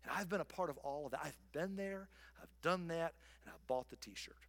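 A male pastor preaching a sermon, swinging from loud emphatic lines down to soft whispers. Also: a little high, fairly quick, gravelly. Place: church sanctuary.

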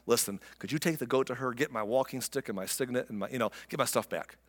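A man voicing a proud, self-serving patriarch who covers his own wrongs and booms with false outrage. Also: big pitch swings, normal speed, fairly bright tone, in a large hall. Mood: sheepish, hushed.

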